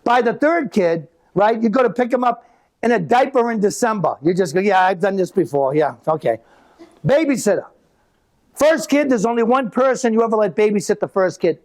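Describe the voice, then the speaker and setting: High-voiced man doing stand-up. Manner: animated storytelling with acted-out voices. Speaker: stand-up comedian. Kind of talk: live stand-up comedy. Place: live venue with an audience.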